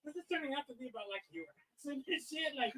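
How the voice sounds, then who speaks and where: A man's voice: very high voice, expressive, fast talker, fairly bright tone, recorded from a distance, poor audio. A man co-commenting on a soccer final in a casual stream, teasing and often stumbling for words. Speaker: guest co-commentator. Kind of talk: casual live match watch-along commentary.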